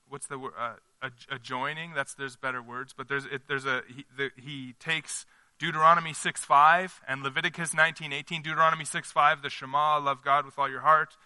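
A man's voice: a little high, sharp tone, clean tone, no room sound. A man leading a small-group Bible study in a conversational teaching style, putting questions to the group and checking in with them.

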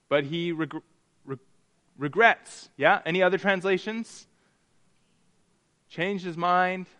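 The preacher's voice is a little high and a bit bright. Chatting with his congregation during an interactive church sermon, he asks them questions in a conversational style and often restarts and repeats his lines.

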